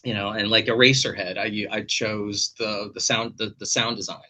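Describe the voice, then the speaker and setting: A man's voice: on the low side, steady tone, normal speed, pushed and bright, slight background noise. A man hosting a casual video-call chat, telling stories animatedly and swearing freely. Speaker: podcast host.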